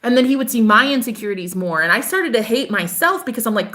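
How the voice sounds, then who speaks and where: A woman's voice: a little high, quick pace. A young woman vlogging casually about her spiritual life, laughing and swearing as she talks. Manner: animated, swearing, laughing often. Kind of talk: casual monologue to camera.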